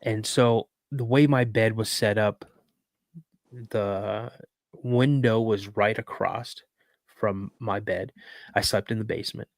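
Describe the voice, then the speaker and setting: A man telling an emotional personal story in an earnest, halting way, full of restarts as he fights back tears. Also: lowish voice, fairly even intonation, no echo, studio quality.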